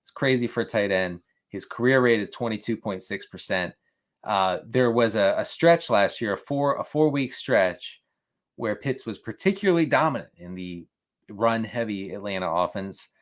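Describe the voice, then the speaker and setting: Stammering, laughing fantasy football co-host man. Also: lowish voice. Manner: stammering restarts, quick laughs, animated. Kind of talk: casual podcast chat.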